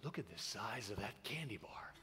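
A man voicing a little boy who fakes a deep, slow radio-announcer voice, low and breathy. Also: very animated, bright, forceful tone, big-room sound. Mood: hushed awe.

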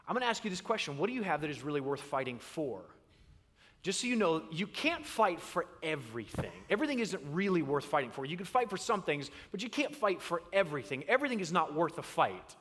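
Pastor, man, bright and high-pitched, animated storyteller, reverberant sanctuary. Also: husky. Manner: animated storyteller, acts out voices. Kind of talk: sermon. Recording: long reverb in a large hall.

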